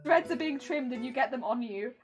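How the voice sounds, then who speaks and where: A woman's voice: high voice, brisk, soft background music. A British woman chatting casually with her live-stream viewers while she crafts, often breaking into laughter. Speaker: cosplay streamer.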